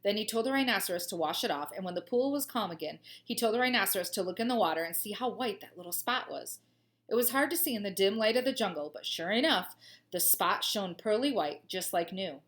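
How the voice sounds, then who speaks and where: A woman reads a children's storybook aloud in a teacher's expressive manner. Her voice sits in a middle pitch. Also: fairly quick. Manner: expressive reader, gushing asides.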